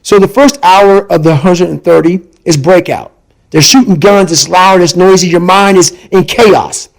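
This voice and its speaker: A man's voice: high voice, normal speed, creaky, low-quality recording. A man guest in a conversation, telling a personal story with intense emphasis and repeating his points to hammer them home. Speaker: podcast guest.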